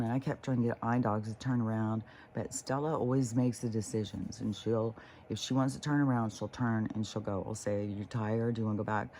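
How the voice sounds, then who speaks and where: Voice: mid-range voice, a little mellow, a little hiss or hum. A vlogger telling a story casually to the camera, swearing freely and laughing along the way.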